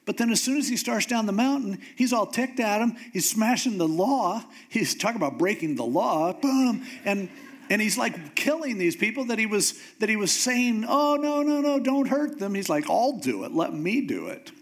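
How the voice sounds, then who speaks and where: Speaking at a moderate pace in a high-pitched voice, a male pastor delivers an informal, chatty sermon. He brings the story to life by performing the voices of its characters, God and Moses.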